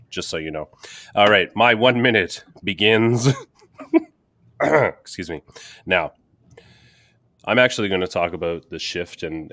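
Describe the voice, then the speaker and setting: A man's voice: low voice, fairly bright tone, dry recording. A Canadian man co-hosting a casual sports podcast, chatting, joking and reading out viewer comments. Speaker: podcast co-host.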